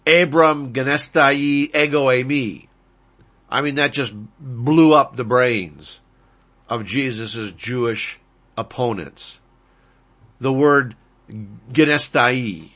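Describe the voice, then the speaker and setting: Slow, bright-voiced male preacher. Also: mid-range voice. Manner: explains Greek words, animated emphasis on key lines. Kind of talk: sermon, expository Bible teaching.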